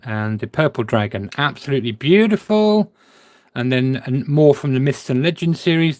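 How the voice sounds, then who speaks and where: Man of middle pitch, casual live-stream chatter, muses aloud as he sorts, close and dry sound. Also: no room sound. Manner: chatty, thinking aloud while sorting, answers viewer chat. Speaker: coin collector streamer.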